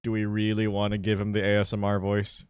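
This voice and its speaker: Deep-voiced chatty male streamer. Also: monotone, a little fast, a little mellow, clean tone, no room sound, clean studio sound. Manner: chatty, laughs often, mutters to himself while clicking through settings. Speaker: live streamer. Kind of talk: casual live-stream chat.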